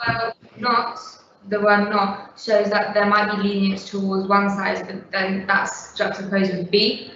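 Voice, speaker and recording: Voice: medium pitch, monotone, unhurried, sharp tone, dull audio. Student answering in class, hesitant, casual, far from the mic, echoey room, faint background hum.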